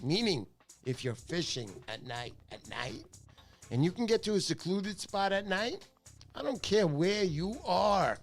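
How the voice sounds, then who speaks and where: A middle-aged man hosting a fishing channel livestream, chatting casually and joking with viewers. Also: high voice.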